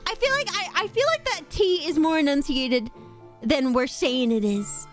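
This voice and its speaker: A woman's voice: sits high, animated, moderate pace, soft background music. A young British woman streaming and chatting casually, rambling and laughing often. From United Kingdom. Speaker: VTuber streamer. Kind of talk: casual livestream chat.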